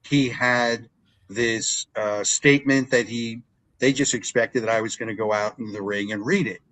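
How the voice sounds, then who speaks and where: An older man, a longtime ring announcer, telling stories in a relaxed interview and acting out what people said. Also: moderate pace, low-quality recording. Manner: animated storyteller, acts out quotes with big pitch jumps. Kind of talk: storytelling interview chat.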